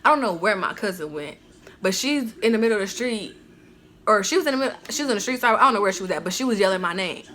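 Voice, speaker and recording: A woman telling a personal story in a casual storytime vlog, animated and slangy, with lots of "like" fillers. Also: mid-range voice, quick pace.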